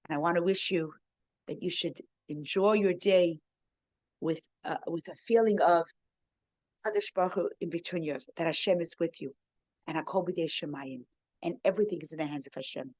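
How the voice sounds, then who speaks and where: A woman guest speaker telling a heartfelt story to a women's circle, acting out the voices she quotes and growing softer and more moved toward the end. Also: fairly low pitch, normal speed, no room sound, muffled recording. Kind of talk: emotional storytelling talk.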